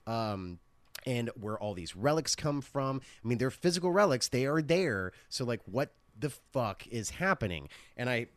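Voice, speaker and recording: A man's voice: mid-range voice, normal speed, no room sound. A man co-hosting a casual TV review chat, rambling and swearing freely as he gives his opinions. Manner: rambling, profane, animated. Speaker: podcast co-host reviewing a TV series.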